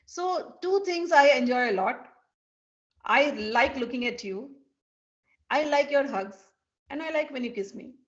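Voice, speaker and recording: A woman's voice: high voice, expressive, measured pace, long pauses. A woman voicing Radha as a mischievous, commanding young divine woman who talks in a teasing, insistent way. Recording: dull lo-fi recording.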